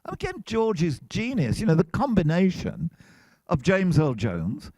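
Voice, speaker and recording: An older man with a high voice speaks a little slowly, with no room sound, at a comic con booth. He's an actor being interviewed by fans, an animated storyteller spinning wry behind-the-scenes tales.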